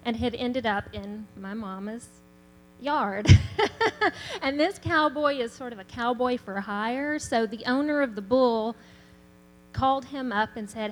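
Southern woman, higher voice, lively testimony storyteller, long reverb and faint hum. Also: unhurried. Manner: animated storyteller, laughs often. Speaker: church member giving a testimony.

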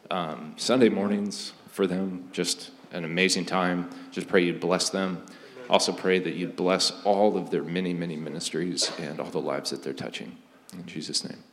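A man leading a spoken prayer in church, earnest and halting, with many pauses and fillers. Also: low-pitched, fairly even intonation, big-room sound. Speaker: congregation member leading prayer.

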